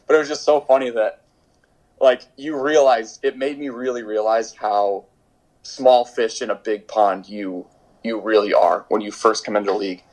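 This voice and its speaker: The voice is fairly low, darkish and steady, moving at a normal speed on a low-quality recording. It belongs to a young pro goalkeeper, a guest chatting from home in quarantine, whose casual stories wander with many fillers and restarts.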